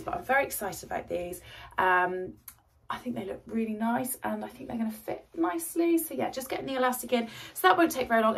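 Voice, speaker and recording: A middle-aged woman with a slightly husky voice from a cold, chatting casually and rambling to camera at home. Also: medium pitch. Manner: chatty, rambling, self-deprecating. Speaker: sewing vlogger. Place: at home, indoors.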